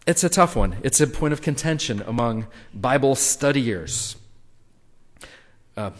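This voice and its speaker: A man preaching a conversational sermon to a congregation, acting out quotes with lively energy. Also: mid-range voice, moderate pace. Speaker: pastor. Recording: long reverb of a hall.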